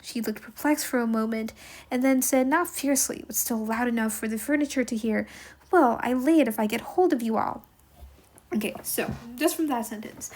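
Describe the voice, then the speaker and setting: A woman with a somewhat high voice reads a novel aloud in a lesson. She stops often to explain and muse out loud, talking casually with plenty of ums. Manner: chatty and musing, with thinking-aloud fillers. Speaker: teacher reading a novel aloud. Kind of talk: read-aloud lesson with commentary.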